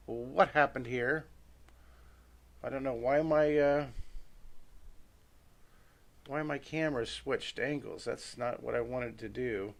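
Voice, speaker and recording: A man's voice: medium pitch, slow pace, pauses often. A middle-aged man leading a live drawing lesson, chatting to viewers and talking himself through each sketch. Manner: chatty, talks to himself while sketching, greets viewers by name. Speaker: drawing teacher.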